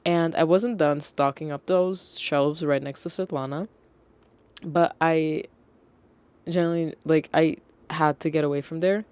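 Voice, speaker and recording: A woman's voice: low-pitched, fairly even intonation, a little slow, a little mellow, smooth, no echo. A young woman hosting a podcast, telling stories in a chatty, casual way full of "like" and the odd swear word. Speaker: podcast host. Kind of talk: casual storytelling.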